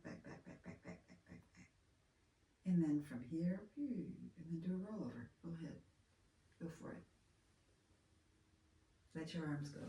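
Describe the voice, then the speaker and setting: A woman teaching a hands-on movement lesson, talking in a gentle, soft-spoken, unhurried way. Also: deep voice. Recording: roomy, from far off, faint room noise.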